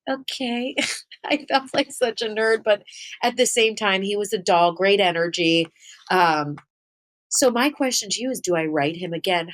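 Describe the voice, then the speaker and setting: A woman who hosts her own podcast as a spiritual medium, talking in a loose, giggly, conversational way. Her voice sits at a middle pitch, and it leaps high when she's thrilled. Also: moderate pace. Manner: chatty, giggly, heavy use of "like"; voice swings up high when excited. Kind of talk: casual storytelling chat.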